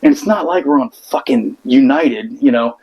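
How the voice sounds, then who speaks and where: A man's voice: medium pitch, lively intonation, normal speed, husky, muffled recording. Profane, laughing veteran man telling stories. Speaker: Marine veteran storyteller. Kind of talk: casual chat.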